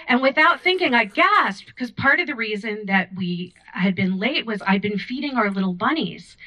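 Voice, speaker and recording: A woman's voice: mid-range voice, moderate pace, few pauses. A woman performing a stand-up comedy set on a club stage, telling stories animatedly into a handheld mic. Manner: animated storytelling with many voices.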